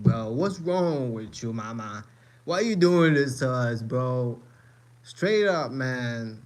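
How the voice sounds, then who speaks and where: A man's voice: mid-range voice, animated, slow. Male streamer with a mid-range voice, profane, repetitive, fired-up live reaction talk. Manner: emphatic, repetitive, swears a lot, keeps addressing viewers.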